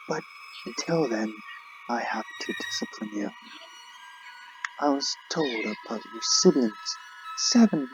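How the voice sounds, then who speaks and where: A man voicing a sinister male vampire interrogator, speaking slowly and theatrically, dropping to whispers and swelling again. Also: fairly high pitch. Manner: slow, theatrical, swinging between whispers and swells. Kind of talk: reading game dialogue aloud in character.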